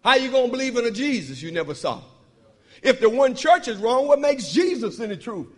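High-voiced man preaching in an echoing hall. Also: sing-song, a little fast. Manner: emphatic call-and-response preaching, swinging from loud to hushed. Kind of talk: sermon. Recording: long hall reverb.

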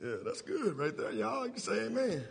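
A man preaching a sermon in a church, impassioned and rising to shouts. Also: high-pitched, wildly swooping pitch, a little fast, vocal fry. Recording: long reverb of a church hall.

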